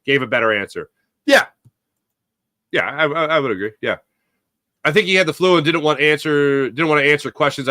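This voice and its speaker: A man hosting a live sports talk show, giving opinionated takes and answering viewer chat in an animated way. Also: on the high side, no room sound, studio quality. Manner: opinionated, animated, quick asides to chatters.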